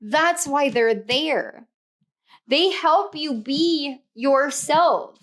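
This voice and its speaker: A woman's voice: high voice, extremely slow, fairly bright tone. A young woman giving a casual tarot reading, emotional and gushing, laughing often as she goes. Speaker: tarot reader.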